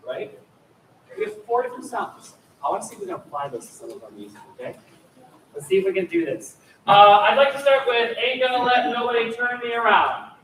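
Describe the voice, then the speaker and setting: A man's voice: extremely high pitch, lively intonation, moderate pace, pushed and bright. A man leading a student choir rehearsal, coaching singers and demonstrating vocal sounds in an encouraging way. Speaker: choir clinician. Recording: echoey room, mic far off, noisy.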